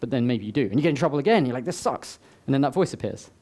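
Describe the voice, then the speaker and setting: A man's voice: mid-range voice, expressive, rapid-fire, dark tone. A man giving a motivational talk to a live audience, conversational, with joking asides to the crowd. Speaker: summit speaker. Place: live event before an audience.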